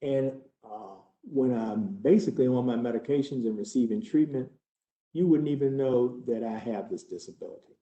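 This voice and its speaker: A man's voice: medium pitch, normal speed, mellow, dull audio. A man acting out a case study as a trainer, earnest and conversational as he tells it in the first person. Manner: earnest, conversational, building tension. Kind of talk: first-person role-play storytelling. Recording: roomy hall.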